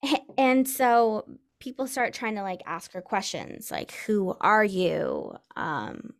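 Woman, casual podcast storyteller, animated, slips into character voices. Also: on the high side, a little slow. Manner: animated, acts out quoted voices. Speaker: podcast co-host telling a story.

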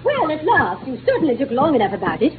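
A bossy, nagging wife. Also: female voice, high-pitched, wildly swooping pitch, fast, over loud music. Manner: scolding, commanding, belittling. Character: domineering bossy middle-aged wife. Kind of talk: 1940s radio acting. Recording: tinny lo-fi old radio broadcast, faint hiss.

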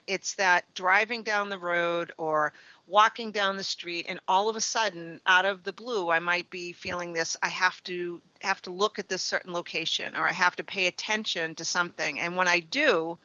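A middle-aged woman, a trance medium, telling stories in a relaxed interview and often tagging her sentences with "right?" and "you know". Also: on the low side, moderate pace, dry recording, lo-fi sound. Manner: chatty, leans on "right?" and "you know" tags. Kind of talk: conversational interview storytelling.

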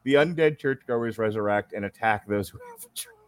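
A man's voice: lowish voice, normal speed, clean tone. A man hosting a podcast, reading a plot recap aloud and breaking off with wry, sarcastic asides. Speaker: podcast host.

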